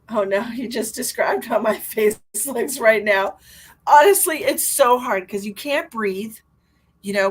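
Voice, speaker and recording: A woman's voice: mid-range voice, husky. Chatty, rambling woman psychic on a live stream. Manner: chatty and rambling, with animated swings from loud to near-whisper. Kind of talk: casual live-stream chat with viewers.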